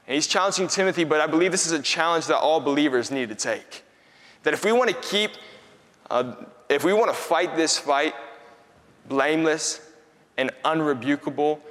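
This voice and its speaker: A young man preaching a sermon in a conversational, energetic way, acting out his own stories for the room. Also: on the high side, moderate pace. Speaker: pastor. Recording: long hall reverb.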